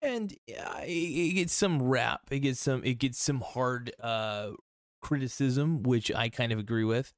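Male solo podcaster, casual and rambling, smooth resonant voice, dry close mic. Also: mid-range voice, measured pace, no echo. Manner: rambling, restarts and filler-heavy. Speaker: podcast host.

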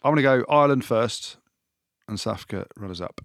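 A man co-hosting a casual rugby podcast, talking in an animated, emphatic and jokey way. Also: mid-range voice, fast, no room sound, clean studio sound. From England. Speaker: podcast co-host. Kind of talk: casual sports chat.

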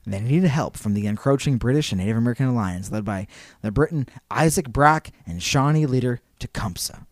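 Animated male podcast host. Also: mid-range voice, fairly quick, no echo, clean studio sound. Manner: storytelling with jokey put-on voices, laughs a lot. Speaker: podcast co-host telling history. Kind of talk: casual history chat.

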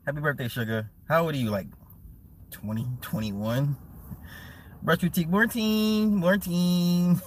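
A man's voice: fairly high pitch, gravelly. A man streaming live and reading chat messages, talking casually in blunt, profane banter with frequent laughs, repeating words for emphasis.

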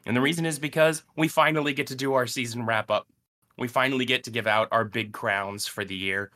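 A man's voice: medium pitch, fairly even intonation, fairly quick, sharp tone. A man hosting a casual sports podcast, upbeat and teasing in his chat. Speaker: podcast host.

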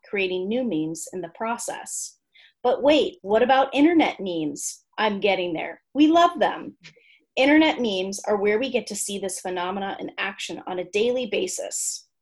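Co-host reading out loud, husky tone, wry playful asides, medium pitch. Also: female voice, animated, normal speed. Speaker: podcast co-host. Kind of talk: reading a written entry aloud, casual chat.

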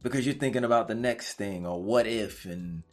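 A man's voice: lowish voice, normal speed, faint music behind. A man hosting a podcast interview, giving encouraging, preacher-like advice with lots of repetition. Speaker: podcast host. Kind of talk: casual interview chat.

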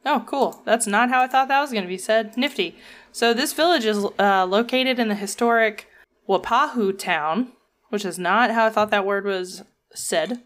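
A woman's voice: mid-range voice, moderate pace, fairly bright tone. Wry woman podcaster. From American South. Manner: wry, joking, playful. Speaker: podcast co-host. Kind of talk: casual chat, reading researched notes.

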